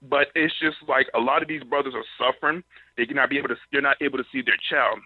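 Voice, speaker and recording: Hesitant caller on a phone line. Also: male voice, medium pitch, fairly even intonation, fast talker, breathy edge, no echo. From North Carolina, US. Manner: hesitant, full of fillers. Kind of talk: phone-in question.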